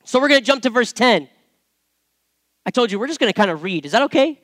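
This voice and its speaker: Very high-voiced man preaching casually. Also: expressive, fast, fairly bright tone, no room sound, clean studio sound. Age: adult parent. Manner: conversational, repeats words, builds to emphatic preaching. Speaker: pastor or Bible teacher. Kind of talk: informal sermon with scripture reading.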